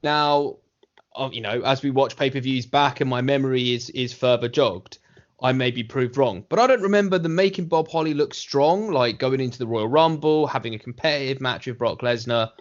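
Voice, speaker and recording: A man's voice: mid-range voice, moderate pace. A man co-hosting a wrestling review podcast, talking bluntly and dismissively with lots of swearing. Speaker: podcast co-host. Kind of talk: casual wrestling review chat. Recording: dull lo-fi podcast audio.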